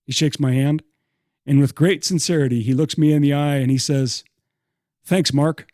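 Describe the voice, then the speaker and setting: A man's voice: fairly high pitch, no room sound, clean studio sound. Middle-aged male sportswriter spinning a story. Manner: lively anecdotal telling, quick asides, self-deprecating. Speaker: podcast host and newspaper sportswriter. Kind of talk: first-person storytelling monologue.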